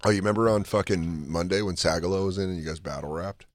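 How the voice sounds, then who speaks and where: A man's voice: low voice, no room sound. A man hosting a podcast, bantering casually with profanity and jokes. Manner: joking, profane, quick banter. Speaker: podcast host. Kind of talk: casual chat.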